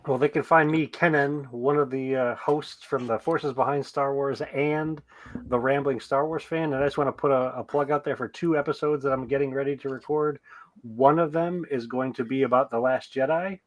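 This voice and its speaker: A man's voice: medium pitch, steady tone, normal speed. A man co-hosting a podcast in casual chat, talking in an easygoing, rambling way with light jokes. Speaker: podcast co-host.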